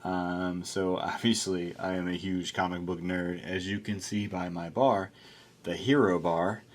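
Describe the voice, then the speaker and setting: A man with a very low voice co-hosts a casual beer review. He rambles easily, filling pauses with ums and uhs as he describes taste and mouthfeel. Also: fairly even intonation. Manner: laid-back, rambling with many fillers.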